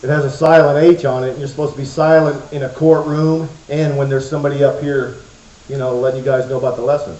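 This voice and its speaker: A man's voice: medium pitch, little pitch movement, fast, dark tone. A man presenting to a children's church crowd in a playful, joking, chatty way. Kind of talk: comic talk to a kids' audience. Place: church hall before a crowd of kids. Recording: echoey hall, muffled sound.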